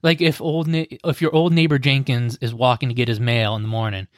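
A man's voice: mid-range voice, flat delivery, fairly quick, no echo, clean studio sound. A man co-hosting a podcast in casual chat, easygoing and rambling. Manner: easygoing, rambling, repeats himself. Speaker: podcast co-host.

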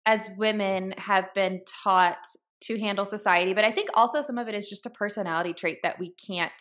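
A woman's voice: mid-range voice, fairly quick, fairly bright tone. A woman co-hosting a podcast, talking in an earnest, reflective way. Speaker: podcast co-host. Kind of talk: casual chat.

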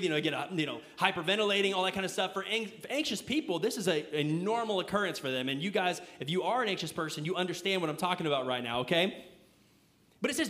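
A young man with a noticeably high voice delivers a sermon in a loose, everyday way. He leans on fillers and keeps asking his listeners rhetorical questions, as if chatting with friends. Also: lively intonation, quick pace, fairly bright tone. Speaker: pastor. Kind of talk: casual conversational sermon.

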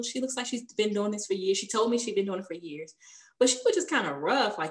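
A woman's voice: medium pitch, brisk. A young adult woman telling a personal story in casual conversation, chatty and laughing often between sentences.

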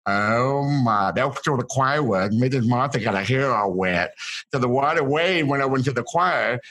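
A man of middle pitch tells stories from his childhood as an interview guest. He talks in a casual way, in halting bursts, restarting his sentences and repeating words as he goes. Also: expressive, fairly bright tone, rough recording. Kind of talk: casual storytelling.

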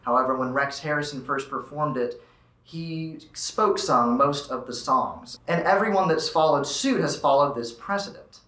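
A teenage boy talks earnestly about dialects and singing, in a slightly high voice. His tone is bright and forward. The room adds a lot of echo. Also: moderate pace. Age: high school student. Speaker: student actor. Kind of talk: explaining dialects on a school podcast.

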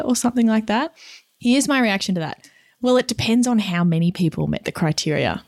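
Lively, giggly woman career coach. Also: lowish voice, fairly quick, no room sound, studio quality. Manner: animated, giggly, playful. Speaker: career coach and podcast co-host. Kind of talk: casual chat.

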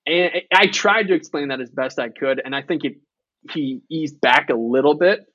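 A man's voice: on the high side, moderate pace, fairly bright tone, no room sound, lo-fi sound. A man in his thirties, an author and podcast guest, telling candid stories in a casual conversation, with frequent profanity and quoted dialogue.

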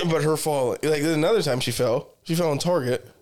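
Profane, laughing man with a lively voice. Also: a little high, normal speed. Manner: profane, laughs through his stories. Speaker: podcast co-host. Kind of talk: casual chat.

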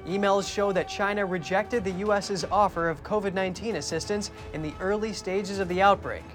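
A man anchoring a news program, reading the headlines in a measured, crisp way. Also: sits high, fairly even intonation, soft background music.

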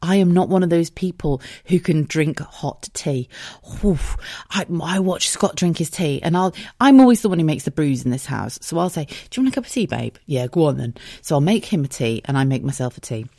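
A woman's voice: low-pitched, lively intonation, normal speed, warm tone, dry recording, studio quality. Giggly, chatty English woman podcaster. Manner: chatty, giggly, swears freely. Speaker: podcast host. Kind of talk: casual solo podcast chat.

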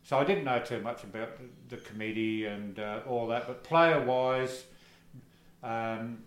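An older man with a relaxed Australian accent spins yarns about his playing days, pausing often on fillers. His voice sits at an ordinary pitch. The room has a noticeable echo. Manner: casual, anecdotal, halting with fillers. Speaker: interviewee, former soccer player. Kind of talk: oral history interview. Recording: echoey room.

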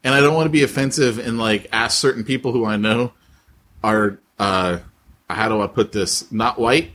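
A man's voice: medium pitch, moderate pace, a bit bright. A man co-hosting a podcast, bantering playfully in casual chat. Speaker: podcast co-host.

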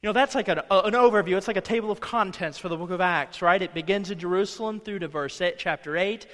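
A man's voice: high voice, fast talker, a bit bright, long reverb tail. A man preaching a conversational sermon as pastor in a church, slipping into quoted voices. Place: church sanctuary.

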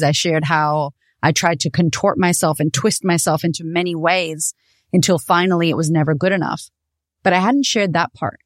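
A woman's voice: low-pitched, no echo. Woman podcast host, raw and profane, dry close recording. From United States. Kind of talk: candid personal storytelling.

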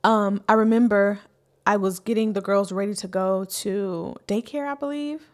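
A woman's voice: mid-range voice, moderate pace, darkish tone. A woman in her thirties giving an earnest, encouraging faith-based parenting talk as a coach, repeating key lines for emphasis.

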